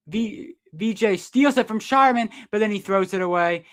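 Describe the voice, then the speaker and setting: A man doing live fan play-by-play of a basketball game, partisan and quick to protest the referees' calls. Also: high-pitched. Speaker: sports streamer doing play-by-play.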